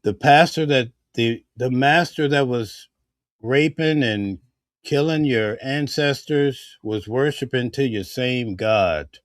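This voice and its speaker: A man's voice: medium pitch, slow pace, no room sound. Heated preachy man, dry close sound. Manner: heated, preachy, full of rhetorical questions. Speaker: vlogger. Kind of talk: casual spoken commentary.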